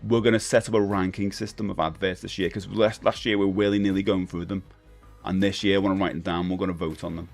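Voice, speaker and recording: A middle-aged man with a lowish voice chats casually on a live stream from a home setup. He rambles and reads out comments from chat to answer them. Faint music plays in the background. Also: level tone, quick pace, creaky. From United Kingdom.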